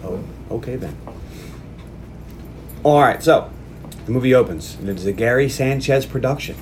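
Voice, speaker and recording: A man's voice: medium pitch, animated, normal speed, darkish tone, slight background noise. A man hosting a casual movie podcast who retells plot scenes and acts out the characters' lines. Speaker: podcast host.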